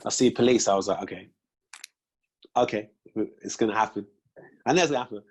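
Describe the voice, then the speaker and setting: Fast-talking husky young man. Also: lowish voice. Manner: animated storytelling, acts out police exchanges. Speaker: podcast host. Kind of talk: casual chat.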